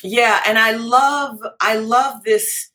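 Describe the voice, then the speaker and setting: A woman hosting a podcast, talking in a slow, emphatic way and repeating words as she goes. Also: a little high, fairly even intonation, bright, forceful tone. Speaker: podcast host. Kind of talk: casual conversation.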